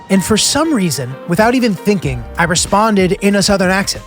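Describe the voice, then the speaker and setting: Young man, high voice, casual self-deprecating travel narration, music playing clearly underneath. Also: expressive, normal speed, few pauses. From United States.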